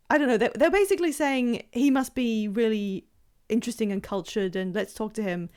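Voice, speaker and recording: Rambling woman streamer, slightly high voice. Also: a little fast, a little mellow, clear, resonant tone. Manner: rambling, hesitant, many fillers. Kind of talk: casual game-stream chat.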